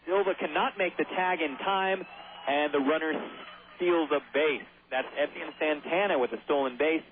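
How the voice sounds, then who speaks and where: A man's voice: fairly high pitch, normal speed. A man calling baseball play-by-play on the radio, chatty and given to jokey asides. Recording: tinny phone-like radio broadcast.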